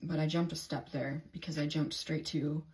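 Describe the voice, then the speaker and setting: A woman's voice: low-pitched, little pitch movement, normal speed, a little mellow. A woman doing a casual, candid tarot reading for her video diary, rambling and swearing freely as she talks to herself and her viewers. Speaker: tarot reader.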